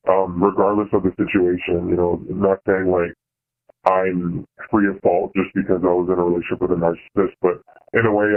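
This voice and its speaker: A young man speaks over a tinny phone line, his voice deep and held to a narrow, even pitch. He is confiding a hard personal experience as a caller. His delivery is halting, full of fillers and false starts. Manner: halting, hesitant, many fillers and restarts. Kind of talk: personal confession on a call-in show.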